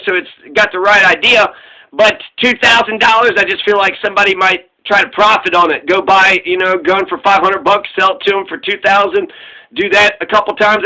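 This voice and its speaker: A man rants through casual commentary with a high, piercingly bright voice. He is sarcastic and crude, swearing freely and mocking what he hears. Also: poor audio. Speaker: political commentator.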